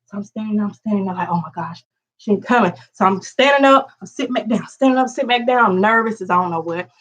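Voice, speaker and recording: A woman's voice: mid-range voice, fast. A woman vlogger telling a story casually, acting out quotes in a raised voice. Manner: animated, acts out quotes in raised voice.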